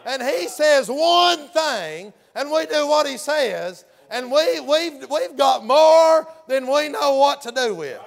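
A man's voice: very high-pitched, big pitch swings, takes it slowly, creaky, few pauses. A man preaching a folksy sermon, often hollering and acting out the story's characters.

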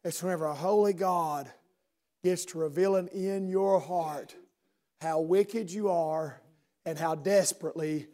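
A man preaching a sermon in a church service, swinging from loud shouting to low intimate speech and firing rhetorical questions at listeners by name. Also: steady tone, a little slow.

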